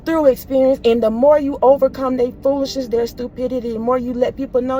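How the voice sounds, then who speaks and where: A woman's voice: on the high side, fairly even intonation, fairly quick, hardly any pauses, mellow, slight background noise. A woman delivering an emphatic, preachy spiritual reading message to her viewers, in casual, repetitive, slangy phrasing and calling them "baby" again and again. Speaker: spiritual reader.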